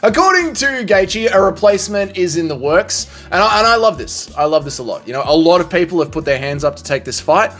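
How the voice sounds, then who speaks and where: A man giving casual, opinionated sports commentary, animated and swearing freely. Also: high-pitched, a little fast, hardly any pauses, soft background music. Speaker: commentary vlogger.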